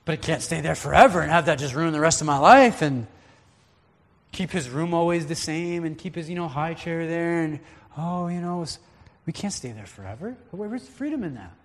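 A man's voice: on the high side, animated, a little fast. A man preaching a conversational, earnest sermon as a pastor. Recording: long hall reverb.

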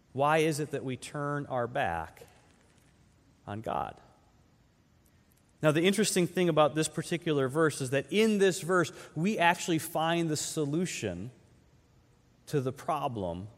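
A man preaching a conversational sermon as pastor, firing off rhetorical questions and dropping from loud emphatic peaks to slow, quiet phrases. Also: a little high. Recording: long hall reverb.

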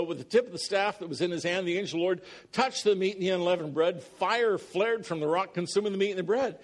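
A man preaching a sermon, reading scripture aloud dramatically and breaking off for jokey, conversational asides to the congregation. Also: high voice. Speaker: pastor.

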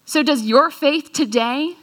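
A woman giving a sermon in an earnest way, slowing down on scripture and asking the listeners questions. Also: high voice. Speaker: speaker at a church talk.

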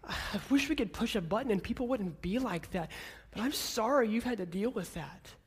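A man in his thirties preaching a sermon with a notably high, light voice. He speaks gently and earnestly, then builds to firm, emphatic statements. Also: lively intonation, moderate pace, breathy edge. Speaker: pastor.

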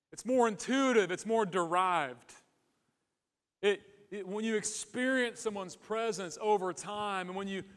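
Casting: earnest sermon from a high-voiced man, echoey church hall. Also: fairly bright tone. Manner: earnest, conversational, with restarts and humor. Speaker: pastor.

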